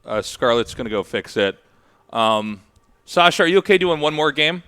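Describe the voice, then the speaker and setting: A man's voice: a little high, lively intonation, normal speed, sharp tone, smooth. A man organizing a LAN event, upbeat and enthusiastic while sorting logistics. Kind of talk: casual logistics talk.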